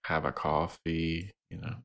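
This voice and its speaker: A man's voice: rumbling low, flat delivery, unhurried. A man co-hosting a casual gaming podcast, talking in a dry, sarcastic way. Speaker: podcast co-host. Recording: loud background noise.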